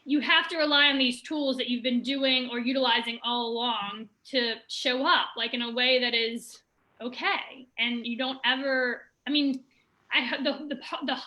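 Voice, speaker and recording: Woman co-host, high voice, very bright and bubbly, chatty over video call. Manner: bubbly, excitable, rambling. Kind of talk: casual chat.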